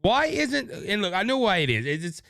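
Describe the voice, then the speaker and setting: A man's voice: high voice, sing-song, moderate pace, creaky, bright, forceful tone, dry recording, clean studio sound. A man with a Cajun Louisiana accent hosting a political talk show, delivering indignant, mocking commentary with many repetitions.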